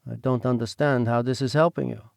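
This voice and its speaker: A man's voice: medium pitch, fairly even intonation, brisk, gravelly, a little mellow, no room sound, clean studio sound, close to an everyday voice. A man voicing a clever, prim fifteen-year-old French girl with a French accent, speaking in a poised, precise way. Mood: matter-of-fact. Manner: poised, precise, lightly teasing.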